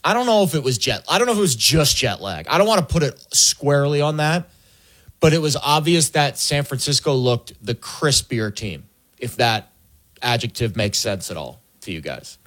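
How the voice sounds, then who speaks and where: A man's voice: medium pitch, lively intonation, normal speed, a bit bright. Rambling, hesitant sports talk co-host man. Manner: rambling, hesitant, with fillers and homely comparisons. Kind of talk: casual sports chat.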